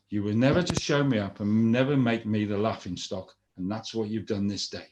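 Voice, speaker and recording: A man's voice: lowish voice, darkish tone, lightly acted. A man playing a pompous, foolish king in a spoken folktale, blustering and self-satisfied.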